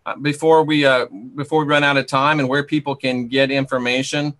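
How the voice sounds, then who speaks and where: A man's voice: mid-range voice, little pitch movement, brisk, a bit bright. A man hosting an interview, affirming his guest and asking probing questions. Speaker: host. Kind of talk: conversational interview.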